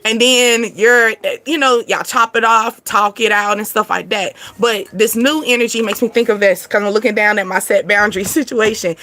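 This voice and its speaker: A woman's voice: medium pitch, steady tone, moderate pace, few pauses, pushed and bright. A woman, giving a casual spiritual tarot card reading in a chatty, repetitive way with frequent laughs.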